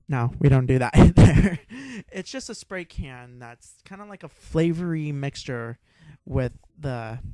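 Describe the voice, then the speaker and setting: A young man hosting a podcast, telling a rambling, excitable story with a lot of swearing and laughter. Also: medium pitch, no room sound. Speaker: podcast host. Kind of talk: casual storytelling.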